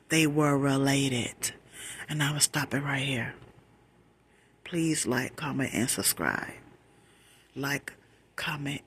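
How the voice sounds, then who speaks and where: A woman whispers a personal story close to a phone mic in ASMR storytime fashion. Her whisper is bright and breathy, and her pitch climbs as the retelling grows emotional.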